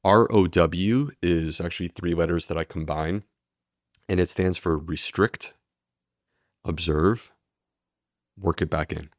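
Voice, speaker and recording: Deep-voiced man explaining earnestly. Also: slow, long pauses, no echo, studio quality. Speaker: gastroenterologist guest. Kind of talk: podcast interview.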